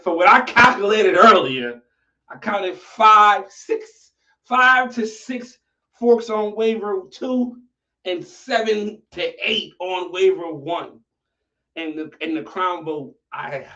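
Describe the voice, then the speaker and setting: Guy w/ a high voice hosting a stream, swears a lot, aave, sounds far from a muffled mic. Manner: profane, animated, talks to viewers. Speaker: livestream host. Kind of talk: casual livestream commentary. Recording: dull lo-fi audio from off-mic.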